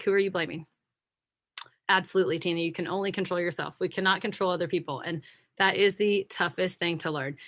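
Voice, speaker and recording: A middle-aged woman speaks candidly and warmly preachy, like a motivational speaker leading a group call. Her voice sits fairly low and sounds dry and close, with no room around it. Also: dry recording. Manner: candid, preachy and animated, addressing listeners as friends. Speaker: guest speaker. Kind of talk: motivational talk on a video call.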